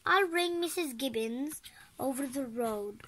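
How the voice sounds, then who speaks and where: A young reader voicing a frantic, busy mother in a storybook read-aloud, talking high and loud. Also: lively intonation, unhurried, full character voice.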